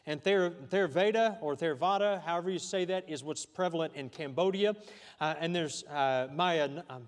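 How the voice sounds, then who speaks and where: A man with a Texan accent gives a conversational sermon as pastor. His voice sits a little high for a man, and he stumbles through fillers and restarts. The sound rings with long reverb from a hall.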